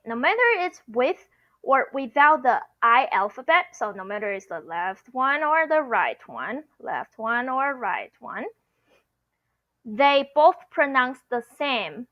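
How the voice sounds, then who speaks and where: Slow-talking teacher woman. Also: fairly high pitch, muffled recording. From Taiwan. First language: Mandarin. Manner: patient, explaining step by step with frequent "okay?". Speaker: Mandarin teacher. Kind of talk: online language lesson.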